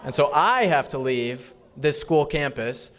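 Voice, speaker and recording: A man delivering an emphatic fundraiser speech. His voice sits a little high, and he repeats his points for force. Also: expressive, measured pace, a bit bright, slight background noise. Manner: emphatic, repetitive. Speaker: political speaker.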